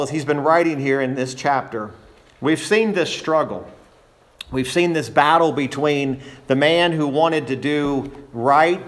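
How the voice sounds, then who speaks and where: A man preaching a sermon as pastor in a church, earnest, building emphasis and often restarting his phrases. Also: medium pitch.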